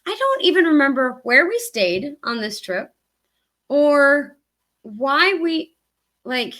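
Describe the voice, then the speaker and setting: A woman's voice: high-pitched, sing-song, slow pace, pushed and bright. A woman with a Southern US accent co-hosting a hiking livestream, chatting casually and rambling with many ums. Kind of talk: casual live-stream chat.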